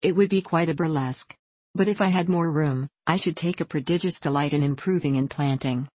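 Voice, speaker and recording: A woman's voice: deep voice, a little fast, darkish tone, no room sound. Woman reading as a boastful, rambling old aunt. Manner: rambling and self-important. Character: fussy, boastful older English aunt, talkative. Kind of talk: audiobook reading.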